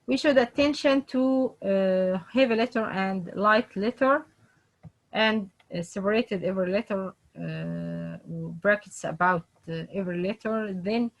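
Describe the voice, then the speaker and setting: A woman teaching Quran recitation in slow, repetitive English with phrasing. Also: medium pitch, vocal fry, muffled recording. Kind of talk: online lesson.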